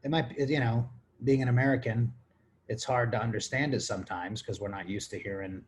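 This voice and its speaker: A man's voice: medium pitch, fairly even intonation, a little fast, slight background noise. A man hosting his own podcast, drunk and rambling crudely through listener questions. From Texas. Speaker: podcast host. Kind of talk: casual comedic monologue answering listener questions.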